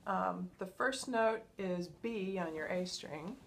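A woman's voice: lowish voice, vocal fry, soft background music. Woman teaching violin step by step, patient and encouraging, fiddle playing in between. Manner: patient, encouraging, explains slowly. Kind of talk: step-by-step instrument lesson.

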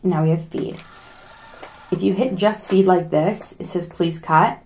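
A woman's voice: on the low side, steady tone, measured pace, a little mellow, a little hiss or hum. A young adult woman hosting a casual how-to video, chatty and joking as she walks through a gadget step by step. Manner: chatty, joking pleas to subscribe. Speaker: product demo host. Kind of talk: casual tutorial demo.

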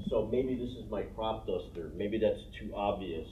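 A man's voice: fairly low pitch, moderate pace, few pauses, background noise. Man teaching puppetry, heard from afar. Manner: loose, profane, keeps asking "you know what I mean?". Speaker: puppeteer leading a workshop. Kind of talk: teaching talk with demonstrations. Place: workshop room. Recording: distant, roomy, dull workshop recording.

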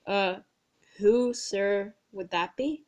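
A woman's voice: mid-range voice, very slow, a little mellow. A woman voicing an impatient male steam tram who stammers and makes excuses. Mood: flustered. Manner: stammering, defensive.

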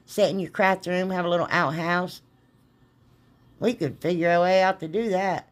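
A middle-aged woman hosts a craft tutorial. She rambles happily and calls her viewers y'all. Her voice sits a little on the low side. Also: steady tone, moderate pace. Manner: rambling, folksy, talks straight to viewers as y'all. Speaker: craft channel host. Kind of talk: casual chatty craft tutorial.

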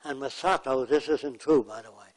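A man's voice: mid-range voice, moderate pace, rough recording. A man giving a lecture, telling plain anecdotes and acting out the people in them. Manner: anecdotal, plainspoken, acts out quotes. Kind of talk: storytelling lecture.

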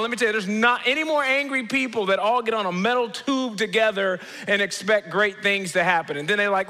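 A man preaches a comedic sermon from a church stage. His voice sits high and rings bright, and he acts out the people in his stories with sudden leaps in pitch. A long reverb from the large hall trails each phrase. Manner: animated storytelling, acts out quoted people with jumps in pitch. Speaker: teaching pastor. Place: church auditorium.

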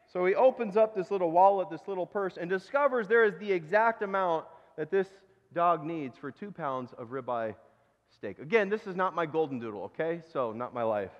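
A man's voice: high-pitched, animated, fairly quick. A male pastor preaching a sermon in a conversational, self-deprecating way, telling a story. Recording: dull recording with long church reverb.

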